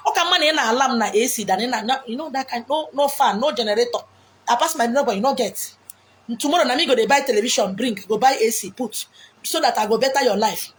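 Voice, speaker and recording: Blunt high-voiced Nigerian woman. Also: a little hiss or hum. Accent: Nigerian, Igbo. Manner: blunt, forceful, mixing English, Pidgin and Igbo. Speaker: preacher giving relationship advice. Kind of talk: outdoor monologue. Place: beach outdoors.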